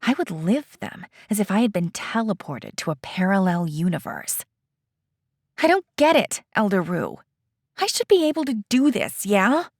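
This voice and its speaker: Impatient young woman trainee, heated and exasperated, as a narrator puts her on; lively, raised pitch. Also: normal speed, dry recording, studio quality. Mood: frustrated, pleading. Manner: heated, exasperated, higher and louder.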